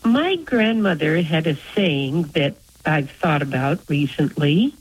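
A woman's voice: sits low, expressive, slow pace, husky. A woman from North Dakota calling a radio show, friendly and homespun, laughing easily. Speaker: caller. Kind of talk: phone call to radio show. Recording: phone line on radio.

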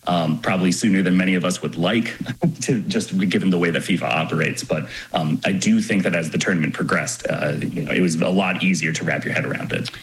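A man's voice: sits low, fairly quick, creaky, poor audio. A man sports journalist explaining the game fluently in an interview. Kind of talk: radio interview answers.

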